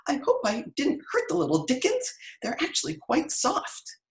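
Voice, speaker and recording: A spry, cheerful old grandmother, tough as nails and a little kooky, as a woman reading a storybook puts her on. Her voice rides up high and bounces with lively swings in pitch as she brushes off trouble. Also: normal speed, roomy sound, heavily acted. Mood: chipper. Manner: chipper, upbeat and high.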